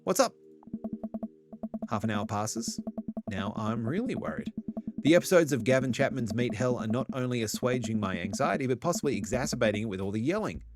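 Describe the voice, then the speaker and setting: A man's voice: medium pitch, lively intonation, fairly quick. A man streaming a dating game, reading its narration aloud with wry, joking asides. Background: game music.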